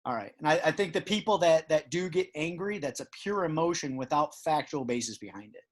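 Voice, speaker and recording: A man's voice: fairly high pitch, expressive, brisk. A man hosting a casual podcast chat, rambling and emphatic with many restarts. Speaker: podcast host. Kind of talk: casual conversation.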